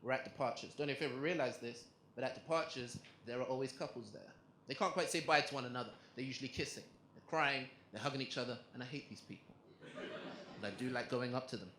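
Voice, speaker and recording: A young man performing a stand-up comedy set on a club stage, telling a story in an animated way and acting out the other people's lines. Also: medium pitch, quick pace, slight background noise. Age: young adult. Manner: animated storytelling with acted-out quotes. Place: comedy club stage before a live audience. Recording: roomy live club recording. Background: audience laughter.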